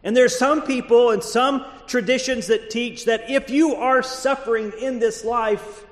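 A man preaching a sermon as pastor of a church, measured and deliberate, drawing out key words. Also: very high voice, echoey room, big-room sound. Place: church sanctuary.

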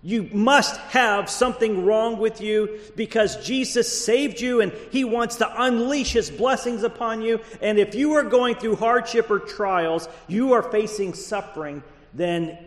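High-voiced pastor preaching in a reverberant hall. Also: male voice. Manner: measured preaching, drawing out key words. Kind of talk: sermon. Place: church sanctuary.

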